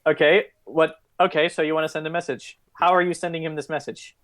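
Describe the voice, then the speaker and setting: Man, game master, rambling explanations, fillers, slightly high voice. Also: fairly even intonation, a little fast, a bit bright. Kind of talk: narrating a tabletop game.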